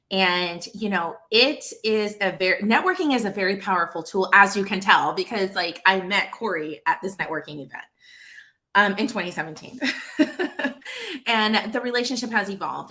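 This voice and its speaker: A woman in her thirties, founder of an association, telling a casual story full of fillers and lively quoted dialogue. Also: mid-range voice. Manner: chatty, lots of fillers, animated quoted dialogue.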